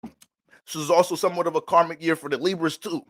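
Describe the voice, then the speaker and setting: A man's voice: fairly high pitch, fairly even intonation, fairly quick, fairly bright tone, dry recording. Male astrology vlogger, casual, profane, joking, dry close sound. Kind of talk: casual monologue.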